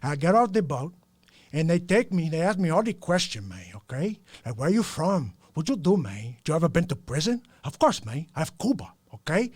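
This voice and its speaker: A brash, menacing male gangster, as a man puts him on spits out threats in loud, broken English and stretches his words. The voice sits a little higher than usual and leans into every line. It sounds dry and close. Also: sing-song, no echo, full character voice. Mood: boastful. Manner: swaggering, drawn-out threats.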